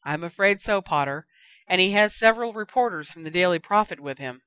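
Brief: woman reading a stern senior schoolmistress, crisp, lowish, dry close mic. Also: lively intonation, brisk, fairly bright tone, dry recording. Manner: crisp, authoritative. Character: stern older woman professor, brisk and dry.

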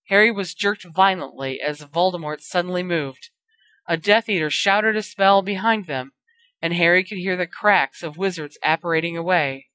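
A woman narrating a fan-fiction story in a steady storytelling voice. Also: on the low side, moderate pace, dry recording. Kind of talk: reading fan fiction aloud.

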